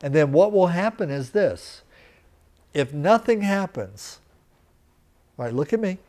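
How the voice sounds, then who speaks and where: A man's voice on the high side, dark in tone with lively intonation, guides a live lecture. He moves slowly and deliberately through each step, often confirming his students understand, in a teaching center room.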